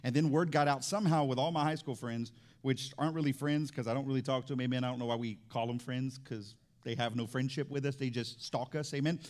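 A man's voice: mid-range voice, fairly even intonation, fast talker, hardly any pauses, a little mellow. A middle-aged man preaching a sermon as pastor, telling family stories in a conversational way and calling on the congregation for amens. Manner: conversational storytelling, calls for amens.

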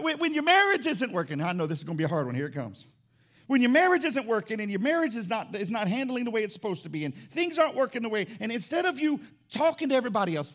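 Loud, high-pitched preaching pastor. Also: male voice. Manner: loud, swinging between shouting and hushed. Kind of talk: sermon. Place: church sanctuary.

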